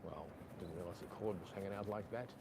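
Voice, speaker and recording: A man's voice: low voice, quick pace, vocal fry, background noise. A middle-aged Australian man chatting casually on a live stream, reading out viewer comments, with a lapel mic clipped to his chest. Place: outdoors on a beach.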